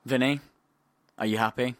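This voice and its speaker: A man's voice: normal speed, dry recording, clean studio sound. A man co-hosting a podcast, bantering casually and voicing strong opinions. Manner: opinionated, lively, drops to a low mutter when arguing. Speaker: podcast co-host.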